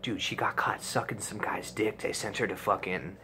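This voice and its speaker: A man voicing gossiping teenage classmates in a hushed, whispery manner. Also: on the low side, fairly even intonation, moderate pace, noisy background, voice pushed down, lightly acted. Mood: gossipy.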